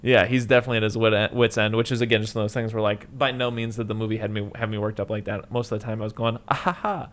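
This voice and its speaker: Animated young man talking movies. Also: rapid-fire, hardly any pauses. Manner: animated, acts out quotes with sudden loud high jumps. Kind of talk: casual movie discussion.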